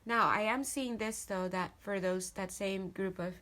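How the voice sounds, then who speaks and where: A woman talking through a tarot reading in a loose, chatty way. She rambles into asides and laughs easily, her voice sitting at an ordinary middle pitch for a woman. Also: steady tone, unhurried, sharp tone. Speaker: tarot reader. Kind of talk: casual spoken tarot reading.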